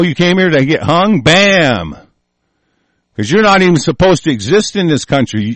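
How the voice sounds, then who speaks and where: A man's voice: medium pitch, no echo. A man hosting a talk show, delivering a furious, profane and confrontational political rant.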